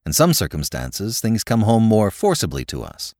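Expressive male audiobook narrator. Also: on the low side, normal speed, no room sound, studio quality. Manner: expressive, wry storytelling. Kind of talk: audiobook reading of classic fiction.

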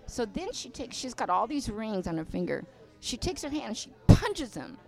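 An older woman, a veteran dancer, telling stories in a casual interview, animated and swearing freely, acting out other people's voices. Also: on the high side, normal speed, creaky. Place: inside a bar venue. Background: faint music.

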